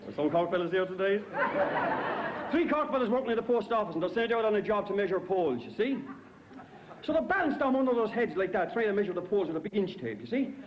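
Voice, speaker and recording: A man telling jokes on stage, animated and doing a voice for each character. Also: high-pitched, quick pace, crowd noise. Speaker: comedian. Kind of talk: stand-up joke telling. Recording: dull lo-fi 1980s TV recording.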